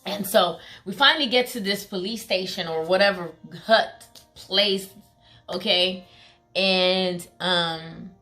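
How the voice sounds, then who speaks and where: Over faint background music, a young woman with a mid-range, sharp-toned voice tells a personal story slowly in a casual vlog. She speaks emphatically, packing her talk with "like" and other fillers, and acts out quoted pleas in a raised voice.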